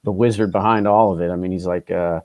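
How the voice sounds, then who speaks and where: A man talking quickly and earnestly as a guest in a casual online chat, often restarting his sentences. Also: low voice, fairly even intonation, darkish tone, no echo. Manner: fast, earnest, with frequent restarts. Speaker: guest from a sports film crew. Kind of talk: casual chat on a video call.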